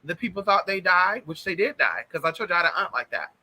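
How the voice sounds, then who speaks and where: A man telling spiritual stories in an animated, chatty way, talking straight to his listeners. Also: sits high, fast, husky, poor audio. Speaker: spiritual vlogger. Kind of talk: casual spiritual storytelling.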